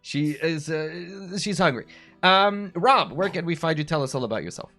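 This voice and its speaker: A man's voice: on the high side, lively intonation, normal speed, bright, forceful tone, faint music behind. A man hosting a live tabletop game stream, chatting casually and joking, with plenty of fillers. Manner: jokey, rambling, fillers. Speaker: game master and stream host.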